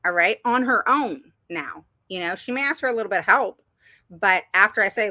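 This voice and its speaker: A woman's voice: mid-range voice, brisk, sharp tone, dry recording, studio quality. A middle-aged woman giving casual, rambling advice to parents, with frequent ums and laughs. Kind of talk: casual advice talk to viewers.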